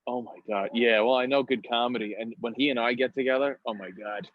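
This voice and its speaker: A man's voice: medium pitch, steady tone, brisk, no echo, highs cut off. A man with a New York accent, a comedian guest on a casual podcast, telling stories and slipping into put-on voices, laughing often. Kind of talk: casual podcast interview, storytelling.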